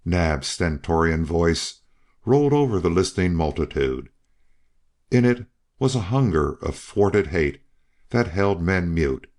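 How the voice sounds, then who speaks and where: A man narrating a western novel as an audiobook reader. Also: low voice. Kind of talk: scripted narration.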